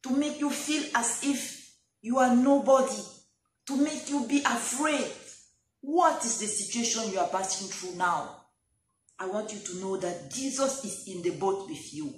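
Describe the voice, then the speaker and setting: A woman's voice: a little high, animated, a little slow. Preacher woman with a cold, echoey room. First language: not English. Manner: emphatic, repeats phrases, rises to loud pleading calls. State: has a cold. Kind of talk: sermon. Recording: echoey room, faint background noise.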